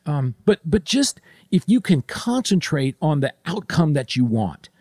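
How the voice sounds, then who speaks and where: A man speaking straight to the listener with career advice, animated, often restarting his sentences. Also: a little high, measured pace, dry recording, clean studio sound. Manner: animated, addresses listener directly with frequent restarts. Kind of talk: direct-to-camera advice talk.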